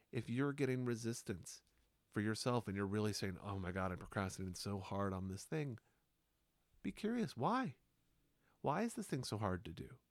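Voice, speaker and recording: Slow, soft-spoken man with a deep voice. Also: dry recording. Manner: unhurried, soft-spoken, hypnotic pauses. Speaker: podcast host and hypnotherapist. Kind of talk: slow reflective monologue.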